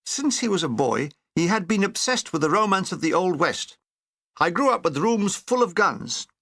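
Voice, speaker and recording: A man's voice: high-pitched, very animated, moderate pace, fairly bright tone, no echo. A man reading a wartime memoir aloud in a dry, wry comic manner. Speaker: narrator.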